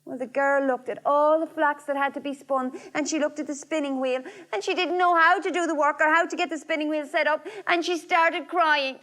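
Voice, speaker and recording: A woman telling a folk tale aloud, lively and rhythmic, repeating phrases. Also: sits high, brisk, few pauses. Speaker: storyteller. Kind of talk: oral folk-tale storytelling.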